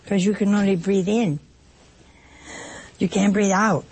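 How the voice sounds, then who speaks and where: A woman preaching an emotional sermon, pausing dramatically and dropping at times to a whisper. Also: mid-range voice, fairly even intonation, a little mellow, husky.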